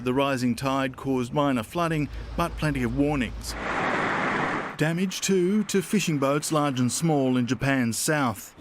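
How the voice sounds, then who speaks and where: A man reporting the news in scripted, measured narration. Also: medium pitch, slight background noise. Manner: measured, formal delivery.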